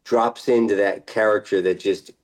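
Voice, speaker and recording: A middle-aged man, an actor guest in a casual interview, relaxed and laughing often, sometimes trailing off mid-sentence. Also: fairly low pitch, normal speed, poor audio.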